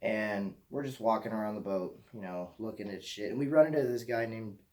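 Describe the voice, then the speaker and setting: A man's voice: fairly low pitch, brisk, darkish tone. A young man from Michigan telling a rambling personal story as a vlogger, swearing casually and often repeating himself. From Michigan, USA.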